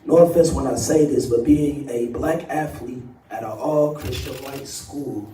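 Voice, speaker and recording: A man giving an emotional public testimony, soft-spoken and halting, with many pauses and ums. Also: medium pitch. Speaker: activist and co-founder of a group. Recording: distant, roomy livestream audio with faint noise.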